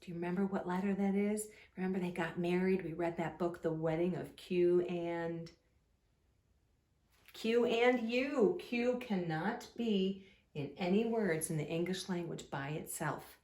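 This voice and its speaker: A woman teacher giving a slow, sing-song phonics lesson to young children, drawing words out patiently. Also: fairly low pitch, mellow, reverberant.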